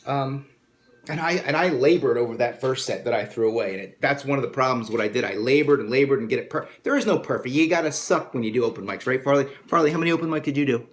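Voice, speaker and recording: A man's voice: mid-range voice, quick pace. Male comic vlogger, loose and rambling, pokes fun at himself, phone-recorded. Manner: rambling, self-deprecating, many restarts. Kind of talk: casual vlog talk.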